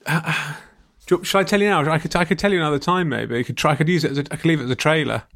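A man's voice: fairly high pitch, very fast, vocal fry, a bit bright. A man co-hosting a casual podcast chat, rambling with frequent stammered restarts. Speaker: podcast co-host.

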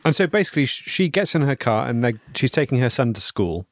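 A man's voice: medium pitch, very animated, quick pace. A man chatting casually, retelling a film's plot step by step. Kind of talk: casual film review chat.

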